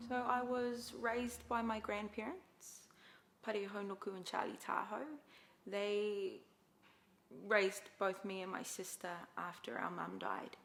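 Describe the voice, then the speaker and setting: A young New Zealand woman who tells her story in a candid documentary interview. Her voice has a gravelly, creaky edge, and her pitch sits mid-range. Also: fairly even intonation, unhurried, fairly bright tone, slight background noise.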